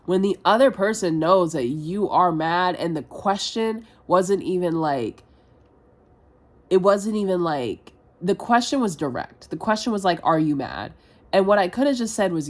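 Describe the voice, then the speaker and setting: A young female vlogger speaks at a moderate pace in a fairly low voice through a confessional vlog. She rambles and voices her self-doubt, piling on filler words and casual swearing along the way.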